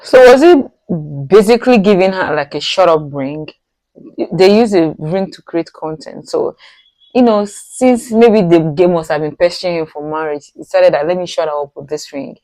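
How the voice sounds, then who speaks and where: A woman with a Nigerian accent reacts to a clip as the host of her channel. She sounds incredulous and moralizing, with a slightly low voice. The room is dry and close. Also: moderate pace, mellow, dry recording. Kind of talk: reaction commentary.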